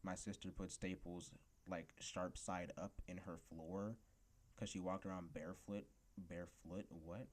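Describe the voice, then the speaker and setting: A teenage boy with a notably low voice tells school stories in a loose, rambling podcast rant. He talks casually and fills the gaps with ums and likes. He sounds unpolished and chatty. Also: steady tone, unhurried. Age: teens. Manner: rambling storytelling with many fillers. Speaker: podcast host.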